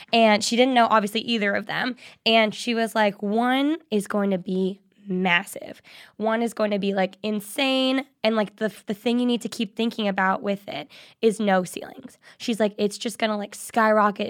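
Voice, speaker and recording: A woman's voice: mid-range voice, dry recording, studio quality. A young woman co-hosting a podcast in casual chat, saying "like" and "exactly" a lot. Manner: chatty, says "like" and "exactly" a lot. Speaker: podcast co-host. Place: podcast studio.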